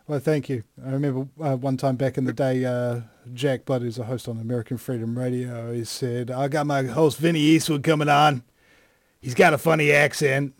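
A middle-aged man with a New Zealand accent hosting a talk radio show, joking and growing animated as he presses his points. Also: mid-range voice, moderate pace, no echo, studio quality.

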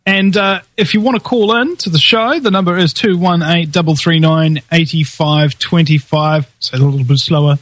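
A man's voice: fairly high pitch, normal speed, few pauses, no echo, low-quality recording. A man hosting a live call-in radio talk show, with a theatrical, sarcastic announcer delivery.

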